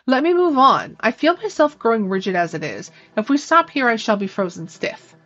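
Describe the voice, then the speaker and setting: A woman's voice: on the high side, big pitch swings, moderate pace, a bit bright, highs cut off, soft background music. A woman voicing a female water ghost who pleads and frets as she freezes, in a storybook reading. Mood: pleading. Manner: pleading, desperate.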